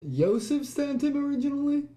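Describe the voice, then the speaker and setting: Brief: female player, lively pitch, reactive and profane. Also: moderate pace, over a noisy crowd. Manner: reactive, swears freely. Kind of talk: casual tabletop play.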